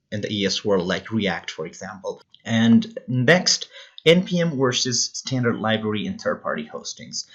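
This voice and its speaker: A man hosting a programming tutorial, explaining at a casual unscripted pace, often pausing with uh and um and restarting words. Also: fairly low pitch, fairly bright tone, breathy edge, highs cut off.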